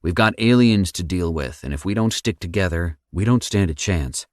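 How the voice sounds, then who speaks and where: A man voicing a steady, protective young man in an audiobook, speaking in a calm, reassuring way. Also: sits low, moderate pace, no echo, clean studio sound. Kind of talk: audiobook character voice.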